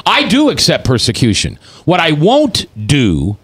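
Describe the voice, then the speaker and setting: Animated fifty-something male radio host. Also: on the high side, unhurried, husky. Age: 50s. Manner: animated and preachy, acting out quotes. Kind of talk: talk radio commentary.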